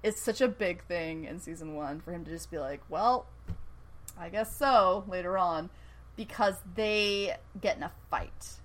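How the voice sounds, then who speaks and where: Animated woman recapping a show. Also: on the low side, moderate pace, rough recording. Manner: animated storytelling, laughs often, acts out quotes. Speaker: podcast co-host recapping a TV episode. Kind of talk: casual chat.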